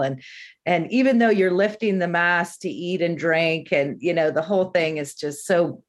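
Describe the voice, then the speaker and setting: Low-pitched woman, chatty storyteller in a casual panel chat. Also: normal speed. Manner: chatty, anecdotal, frequent fillers.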